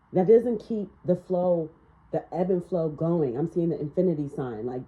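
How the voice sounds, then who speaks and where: Woman, tarot reader, blunt, profane, ranting, fairly low voice, dull lo-fi recording. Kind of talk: casual spiritual tarot reading.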